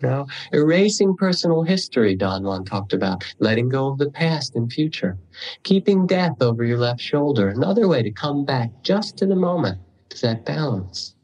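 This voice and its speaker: Guy teaching meditation, slow storytelling dharma talk, pauses a lot, clears his throat now and then. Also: mid-range voice, sing-song, darkish tone, muffled recording.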